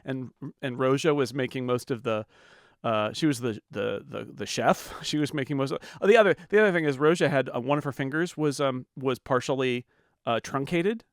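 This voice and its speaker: Gravelly man telling a rambling story. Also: mid-range voice, fairly quick, dry recording, clean studio sound. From United States. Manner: rambling storyteller, many restarts and fillers. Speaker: podcast co-host. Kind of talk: casual chat.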